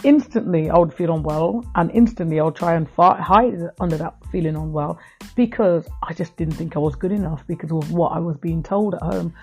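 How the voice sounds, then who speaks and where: A woman's voice: lowish voice, fairly quick, slightly rough, faint music behind. A middle-aged woman hosting a personal podcast, talking earnestly about her own life to her listeners. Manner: earnest, heartfelt storytelling to listeners. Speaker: podcast host. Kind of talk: personal reflective podcast talk.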